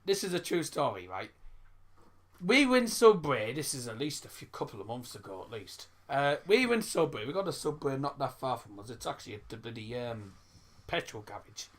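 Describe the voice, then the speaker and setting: A young man hosts a casual live football stream, rambling through stories and viewer messages. His mid-range, slightly bright voice is very animated and fairly quick, and he stumbles, repeats words and restarts often.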